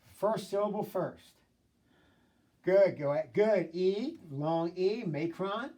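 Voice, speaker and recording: A man teaching a recorded phonics lesson to children, prompting them, praising answers and sounding out words slowly. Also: high-pitched, lively intonation, mellow, recorded from a distance.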